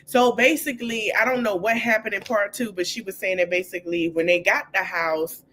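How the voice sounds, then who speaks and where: A woman's voice: mid-range voice, fairly even intonation, a little fast, a bit bright, slight background noise. A woman hosting a podcast, chatting casually with her listeners before she plays a story. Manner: chatty, addresses listeners as y'all. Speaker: podcast host. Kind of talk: casual chat.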